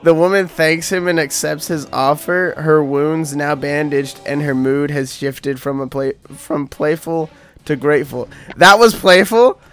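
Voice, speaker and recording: A man's voice: fairly high pitch, little pitch movement, unhurried, smooth, soft background music. A young man casually reading an AI-written adventure story aloud with a co-host, cracking jokes and giggling. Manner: jokey, giggly, reads story text aloud with asides.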